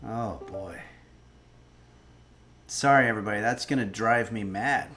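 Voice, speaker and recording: A man's voice: lowish voice, a little slow, fairly bright tone. Rambling, wry livestream cooking host, a man. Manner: rambling, wry, swears when irritated. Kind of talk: casual livestream chat.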